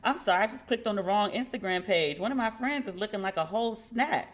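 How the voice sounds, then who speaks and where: A woman hosting a podcast, telling stories in a casual, animated way and acting out the dialogue she quotes. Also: medium pitch, quick pace. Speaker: podcast host. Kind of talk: casual commentary.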